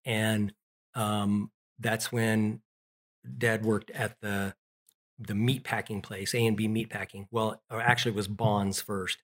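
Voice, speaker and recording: Middle-aged guy telling old family stories, kinda low voice, lots of ums and restarts. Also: little pitch movement, measured pace. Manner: rambling, many restarts and fillers. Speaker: interviewee telling childhood stories. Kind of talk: casual storytelling.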